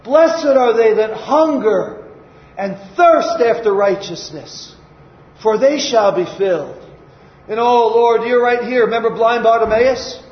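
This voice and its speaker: Man, preacher, sermon, dramatic prayers, dull lo-fi recording, echoey room. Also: very high voice. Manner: dramatic, acts out cries and prayers. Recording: echoey hall, dull lo-fi sound.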